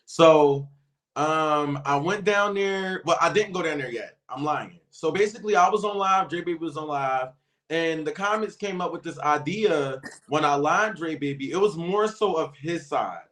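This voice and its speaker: A man's voice: a little high, normal speed, fairly bright tone. A man guesting on a livestream talk show, telling stories in a casual, rambling way with lots of fillers and restarts. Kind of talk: casual chat.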